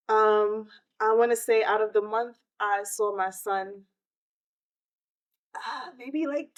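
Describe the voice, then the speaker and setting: A woman, hosting a podcast and telling a personal story of grief in an emotional, animated way. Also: fairly high pitch. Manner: emotional, animated retelling with quoted outbursts. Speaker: podcast host.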